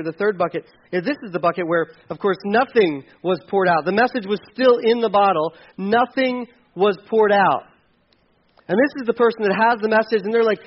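Man, pastor, sermon, high voice, dynamic delivery, acts out quoted voices, dull lo-fi sound. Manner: dynamic, swings from loud high emphasis to quiet low asides. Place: church.

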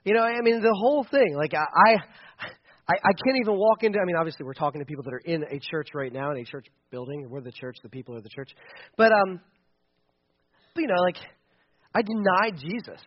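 A man preaching a sermon in a church, casual and animated, acting out the lines of scripture as he goes. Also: sits high, a little fast, lo-fi sound. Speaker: pastor. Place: church building.

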